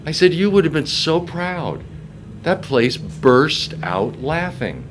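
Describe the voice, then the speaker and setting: An older man tells his story in a press-room interview, and his pitch swings widely as he acts out the people he quotes. His voice sits a little high for a man. A faint hum of the room stays behind him. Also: big pitch swings, slow pace. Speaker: voice actor.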